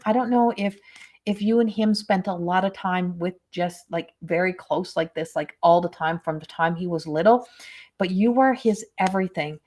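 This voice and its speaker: A woman's voice: mid-range voice, darkish tone. A woman medium gives a live psychic reading in a rambling, hesitant way, piling up fillers and restarting her sentences. Her voice is tender and emotionally moved as she passes on messages. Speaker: medium and spiritual coach.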